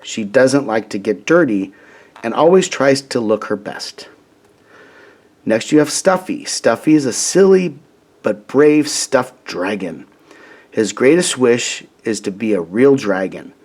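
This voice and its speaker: A man reads a children's picture book aloud at a very slow, deliberate pace. His voice sits in a middling pitch, gentle and steady. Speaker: storybook reader.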